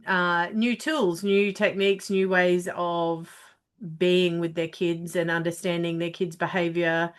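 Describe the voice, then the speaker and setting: Frank woman with a low voice. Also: flat delivery, unhurried, clean tone. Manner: frank, swears freely, many fillers. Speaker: parenting therapist and ambassador. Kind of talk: casual video call introduction. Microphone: video call.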